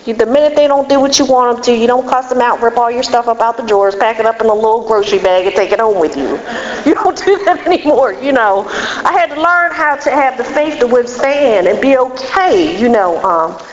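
A woman's voice: on the high side, fairly quick. Woman sharing her story in an echoey hall. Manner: earnest, conversational, frank. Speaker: recovery meeting speaker. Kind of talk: candid personal testimony. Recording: dull, echoey hall recording.

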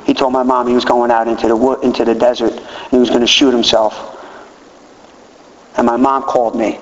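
A man's voice: mid-range voice, flat delivery, fairly quick. A middle-aged man giving an emphatic personal recovery testimony at a meeting, repeating key phrases. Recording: dull echoey hall with faint noise.

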